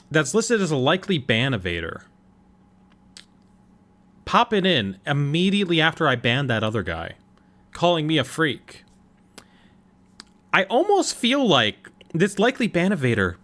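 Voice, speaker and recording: A man's voice: fairly high pitch, sing-song, normal speed, pauses often, fairly bright tone. A young man live-streaming a game, chatting casually and joking with his chat. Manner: joking, rambling, slips into whispers.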